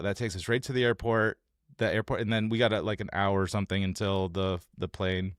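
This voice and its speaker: Animated male storyteller, dry sound. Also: lowish voice, a little fast, no echo. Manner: animated storytelling, acts out quotes. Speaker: podcast co-host. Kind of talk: casual chat.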